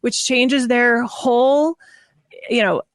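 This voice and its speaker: A woman speaking as a parenting coach guest in a podcast interview, earnest and animated, often restarting her sentences. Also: a little high, slow pace, no echo, studio quality.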